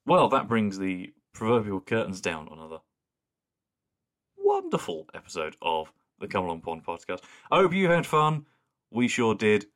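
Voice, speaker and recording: A man's voice: lowish voice, wildly swooping pitch, moderate pace, fairly bright tone. A man co-hosting a podcast in casual chat, easygoing and rambling, often restarting his sentences. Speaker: podcast co-host.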